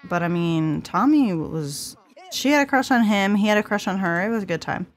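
A woman's voice: medium pitch, animated, normal speed. A woman in her twenties hosting a casual gameplay commentary, chatty and giggly, talking to her characters as she plays. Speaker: let's play host.

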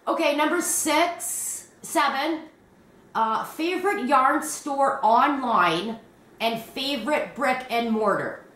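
The Canadian host of a crochet channel talks in a loose, rambling way, laughing frequently. She speaks slowly with a high, animated, fairly bright voice, and the distant mic gives a roomy sound.

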